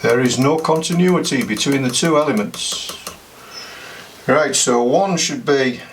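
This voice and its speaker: Older man, unhurried workshop demo talk, mic set back, audible background noise. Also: mid-range voice, far from the mic. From United Kingdom. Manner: chatty, thinks aloud while working. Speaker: amateur radio hobbyist. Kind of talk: hands-on workshop demonstration.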